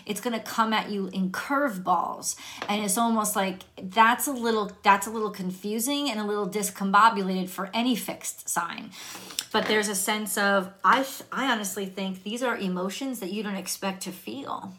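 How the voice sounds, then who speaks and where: A woman's voice: mid-range voice, moderate pace, sharp tone, a little hiss or hum. Chatty woman reading tarot. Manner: chatty, laughs, restarts often. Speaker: tarot reader.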